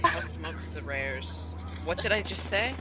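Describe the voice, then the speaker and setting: A woman chatting playfully while gaming with friends, laughing loudly and often. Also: low-pitched, expressive, measured pace. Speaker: gamer. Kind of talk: casual game chat.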